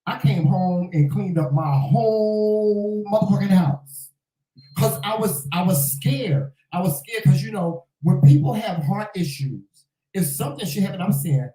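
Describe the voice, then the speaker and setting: A man's voice: high-pitched, unhurried, mellow, reverberant, poor audio. A man co-hosting a casual chat, speaking earnestly and reflectively, often repeating himself. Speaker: co-host.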